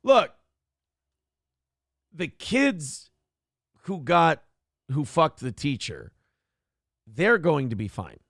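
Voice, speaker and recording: Gravelly, animated male livestream host. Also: on the high side, drawn-out words, long pauses, dry recording, studio quality. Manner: profane, mocking, acts out lines in a mock voice. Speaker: solo livestream show host. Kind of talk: crude comedic commentary, reading chat messages.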